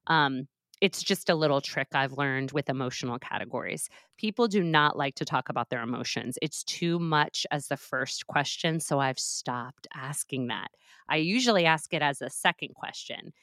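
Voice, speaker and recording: Forties woman guest, low voice, lively explainer, dry sound. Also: no echo. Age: 40s. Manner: animated, explains with quoted examples. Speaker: guest, professor and author. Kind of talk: conversational interview.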